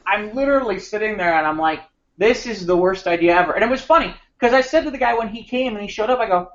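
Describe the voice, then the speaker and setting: A man's voice: high voice, quick pace. Man telling a rambling radio-days story. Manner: animated, rambling anecdote with frequent restarts. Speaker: podcast co-host. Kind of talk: casual storytelling chat. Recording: slightly muffled podcast audio.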